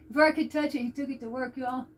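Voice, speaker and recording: A woman's voice: high voice, steady tone, brisk, a little hiss or hum, rough recording. A woman hosting a casual cooking livestream from her home kitchen, chatty and thinking aloud as she talks to viewers. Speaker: livestream host.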